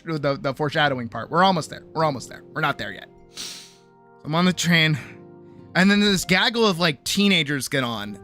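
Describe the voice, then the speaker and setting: A woman streamer casually telling a story, animated and exasperated, swearing freely and acting out the people she talks about. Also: lowish voice. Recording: faint music behind.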